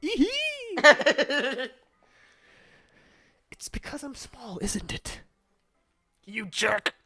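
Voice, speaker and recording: A man's voice: sits high, animated, bright, forceful tone, faint music behind, full character voice. A man voicing a feisty, prickly teenage girl in a visual novel, reading her lines in a bratty, teasing way. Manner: bratty, teasing, quick to snap back.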